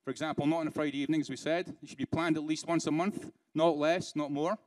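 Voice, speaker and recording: A man's voice: on the high side, fairly even intonation, fast, a little mellow, no echo. British man giving a sarcastic keynote. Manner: conversational, rhetorical questions, dry sarcasm. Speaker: keynote speaker. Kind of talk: live conference keynote. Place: conference room.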